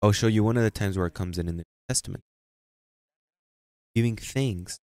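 A man preaching a sermon, repeating phrases for emphasis and reading scripture slowly. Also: lowish voice, a little mellow, dry recording. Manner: reads scripture slowly and deliberately. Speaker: pastor.

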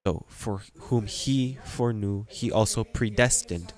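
A man's voice: lowish voice, a little slow, a little mellow. A man preaching a sermon with an accent, drawing out words and rising into emphatic bursts. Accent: non-native English. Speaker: pastor.

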